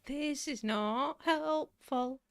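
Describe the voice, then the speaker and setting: A woman's voice: high voice, no echo. A woman chatting casually on a stream beside her partner, with brief dry remarks. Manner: slow, dry and brief, laughing along. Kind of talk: casual live-stream chat.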